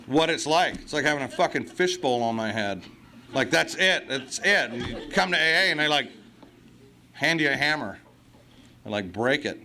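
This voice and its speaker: A man tells his story at a recovery meeting, swearing freely and mocking himself. His voice is bright and forceful, set a little high. Faint room noise sits behind him. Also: expressive, fairly quick. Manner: profane, blunt, self-mocking humor. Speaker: AA speaker. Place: meeting hall.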